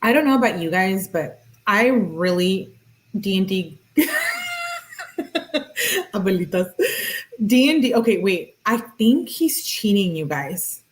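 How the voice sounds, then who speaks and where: A woman's voice: mid-range voice, lively intonation, a little slow. A woman hosting a true-crime video, giving casual and blunt commentary. She swears freely and drops Spanish words into her speech. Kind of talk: casual commentary reading out text messages.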